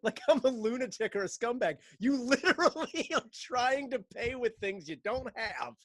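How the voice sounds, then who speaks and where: A man's voice: very high voice, lively intonation, normal speed, fairly bright tone, a little hiss or hum. A man in casual chat, ranting and mocking with lots of swearing, laughing between phrases.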